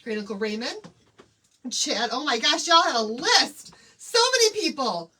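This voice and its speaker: A woman's voice: high-pitched, sing-song, measured pace, pushed and bright, breathy edge. A woman hosting a casual craft livestream, bubbly and chatty as she greets viewers one by one.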